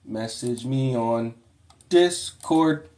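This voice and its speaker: A man hosting a casual livestream Q&A who reads viewers' questions aloud and answers in a relaxed, plain way. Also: medium pitch, very slow. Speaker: occult livestream host.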